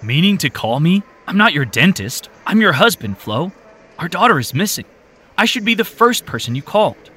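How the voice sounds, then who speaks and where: A man's voice: on the high side, very animated, a little fast, fairly bright tone, voice pushed up. A man voicing a worried husband, pleading with his wife in an audiobook. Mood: concerned. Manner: urgent and pleading. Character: worried middle-aged husband, concerned and firm.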